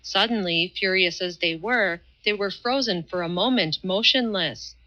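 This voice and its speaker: Audiobook narrator: woman, measured delivery, bright tone, muffled lo-fi sound. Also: mid-range voice. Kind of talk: scripted narration.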